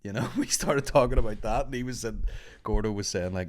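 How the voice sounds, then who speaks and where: A man's voice: fairly low pitch, fast talker. A man, a comedian, rambling and swearing through a casual podcast monologue. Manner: rambling, sweary, laid-back.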